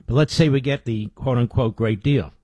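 A middle-aged man hosting a political talk radio show, talking emphatically with rhetorical questions and dropping low for asides. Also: normal speed, warm tone, no room sound, dull audio.

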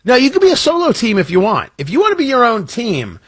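A man's voice: very high-pitched, wildly swooping pitch, fast, breathy edge, no room sound. A man hosting a morning radio talk show in a casual, rambling, joking way. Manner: rambling, self-interrupting, jokey.

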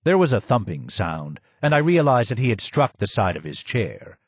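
A man narrating an audiobook in a steady, measured reading. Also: on the low side, slightly rough, dry recording.

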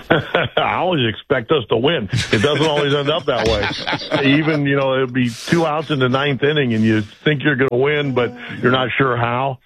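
A man's voice: medium pitch, normal speed, fairly bright tone. A man in his sixties, a baseball manager, chatting in a folksy, easygoing, rambling way as a guest on a call-in interview. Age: 60s. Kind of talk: casual phone-in interview. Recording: dull, lo-fi remote line.

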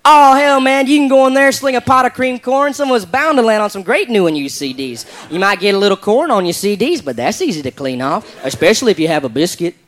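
A man doing a low, drawling redneck who gives deadpan folksy advice in a stand-up act. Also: brisk, few pauses. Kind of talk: stand-up comedy impression.

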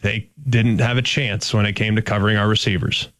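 A man from Dallas-Fort Worth, co-hosting a sports talk show in an animated, emphatic way. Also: lowish voice, a little fast, no echo. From Dallas-Fort Worth, Texas. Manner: animated, emphatic, bursts into coach impressions.

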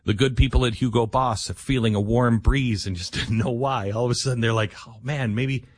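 This is a man hosting a loose commentary monologue, rambling and sarcastic, often doubling back on his own words. His voice sits at an ordinary middle pitch. The sound is very dry and close, with no room echo. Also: steady tone, a little fast, husky. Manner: sarcastic, rambling, with frequent restarts.

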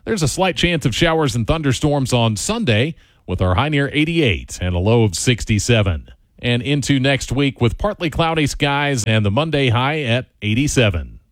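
A man with an ordinary mid-range voice announces songs and the weather as a radio host. His delivery is friendly and smooth, and the studio sound is dry and close. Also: mid-range voice, expressive, normal speed, dry recording.

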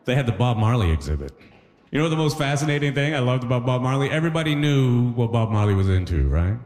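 A male stand-up comedian working a live crowd with animated, jokey storytelling. His pitch swings widely from low mutters to high squeaks. The stage sound rings with long reverb. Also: fast. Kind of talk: stand-up set.

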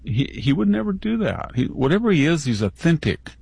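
Gravelly, husky male pundit. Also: fairly high pitch, big pitch swings, fairly quick, darkish tone, no echo. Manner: mocking, mimics politicians. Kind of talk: casual opinionated chat.

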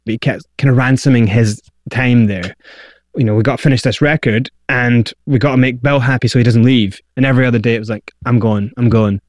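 A man recounting his own past as an interview guest, lively and acting out the people he quotes. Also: medium pitch, quick pace, no echo. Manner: animated, acts out quoted voices. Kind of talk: candid storytelling.

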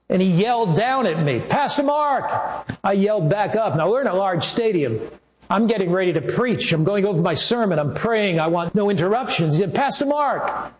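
A male pastor delivers a sermon in an earnest storytelling manner, slowing down to stress key phrases. His voice sits a bit high, and it rings in a noticeably echoey room. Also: expressive.

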